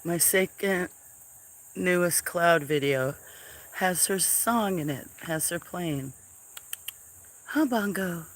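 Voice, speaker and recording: A woman hosting a casual farm livestream, softly chatting and cooing baby talk to cats, sometimes dropping to a whisper, on a camera mic. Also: on the low side, slow pace, long pauses. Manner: soft-spoken, drifts into whispers.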